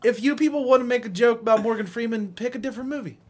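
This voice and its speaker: A man's voice: very high voice, racing, slight background noise. A young man co-hosting a casual podcast chat, ranting animatedly with lots of swearing and laughter. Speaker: podcast co-host.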